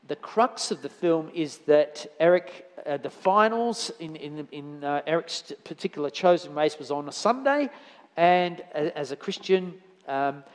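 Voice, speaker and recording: A man giving a conversational sermon in church, telling anecdotes with frequent restarts. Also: on the high side. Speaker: lay preacher. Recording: church hall reverb.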